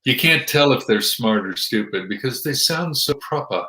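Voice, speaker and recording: A man's voice: mid-range voice, animated, normal speed, bright, forceful tone, roomy sound, low-quality recording. A man with a Midwestern American accent, a ministry guest chatting in an interview with dry, joking wit. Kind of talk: casual interview chat.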